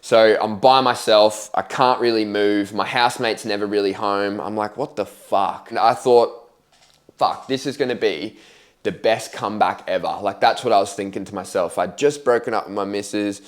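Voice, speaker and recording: Candid young man with a low voice. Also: moderate pace. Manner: candid, slangy, swears freely, acts out his own past reactions. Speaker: vlogger telling his life story. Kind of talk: casual storytelling to camera.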